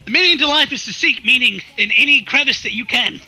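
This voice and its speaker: A man with an unusually high voice, very bright and sharp-edged, rambles through casual stories on a headset mic and repeats words as he talks. Faint music sits underneath the conversation. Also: fast talker, slightly rough, no echo, low-quality recording. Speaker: interview guest, streamer. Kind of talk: casual chat. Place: online virtual world session.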